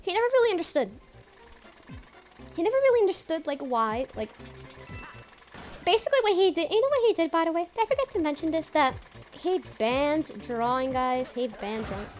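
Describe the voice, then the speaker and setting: Young woman, high voice, casual gameplay chat, rambling, profane. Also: lively intonation, a little fast, pauses often, soft background music. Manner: rambling, swears often, repeats herself. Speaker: gaming streamer. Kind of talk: casual let's-play chat.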